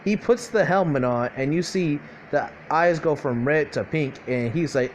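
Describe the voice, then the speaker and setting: A man's voice: a little high, moderate pace, a little hiss or hum. A young man casually improvising a fan-fiction story aloud, rambling and profane, full of fillers and self-corrections.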